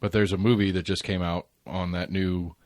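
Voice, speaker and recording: A man in his forties with a deep voice talks through a long story in casual podcast chat, stopping to restart his sentences and laughing at himself. The sound is close and dry, with no room around it. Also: little pitch movement, moderate pace, no echo. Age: 40s. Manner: rambling, restarts often, laughs while telling stories. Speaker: podcast host.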